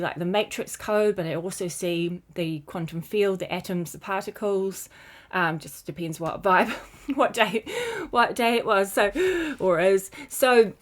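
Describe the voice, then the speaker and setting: A woman with a New Zealand accent, a spiritual guide talking casually in a rambling, dreamy way with many fillers. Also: mid-range voice. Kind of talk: casual spiritual vlog talk.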